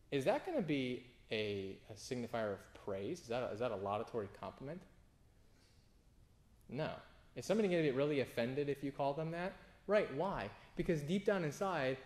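A man, a pastor, giving an informal sermon, often restarting phrases and jumping into sudden emphatic high bursts. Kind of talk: conversational sermon.

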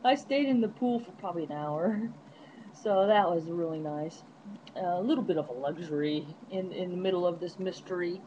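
A woman's voice: on the low side, normal speed, dark tone, lo-fi sound, a little hiss or hum. A woman vlogging from a hotel room into her netbook webcam, chatty and rambling, laughing often. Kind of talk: casual webcam diary. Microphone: netbook webcam microphone.

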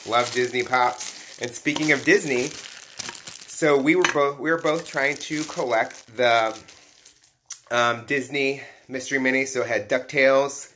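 This mid-range male voice belongs to a live streamer unboxing collectible toys. He's chatty and excitable, keeping things casual and calling out viewers by name.

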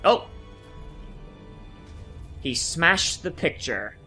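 A man's voice: on the high side, lively intonation, moderate pace, fairly bright tone, faint music behind. A man casually commenting on a game he plays, sarcastic and joking, swearing now and then. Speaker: gameplay commentator. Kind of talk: let's play commentary.

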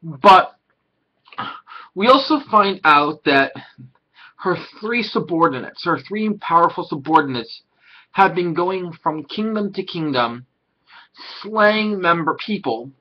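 A man's voice: on the high side, animated, slow, dull audio. A man in his thirties casually reviewing an anime episode, rambling through the plot and acting out the characters' lines. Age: 30s. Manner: rambling plot retelling, acts out character quotes.

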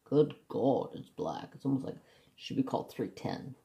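A man's voice: mid-range voice, lively intonation, moderate pace, vocal fry, dark tone. A man chatting casually and jokingly as he swatches markers for his craft vlog. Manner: chatty, joking, self-deprecating. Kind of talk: casual chat.

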